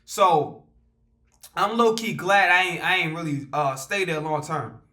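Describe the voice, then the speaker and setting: A man telling a casual storytime vlog, animated and profane, rambling with fillers and restarts. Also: on the high side, a little slow.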